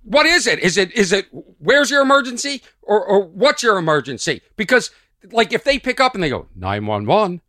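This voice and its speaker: A man hosting a solo comedy podcast early in the morning, animated and sarcastic, mock-exasperated, sleepy but energized. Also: sits high, fairly quick, no room sound. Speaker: podcast host. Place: at home early morning, birds outside.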